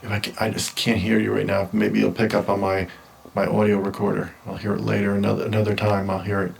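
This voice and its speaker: Nervous low gravelly man ghost hunting. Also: monotone, fast talker, a little hiss or hum, low-quality recording. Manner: nervous, calls out to spirits, drops to hushed whispers. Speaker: paranormal vlogger. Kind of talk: solo ghost-hunting video diary. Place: inside a house, alone.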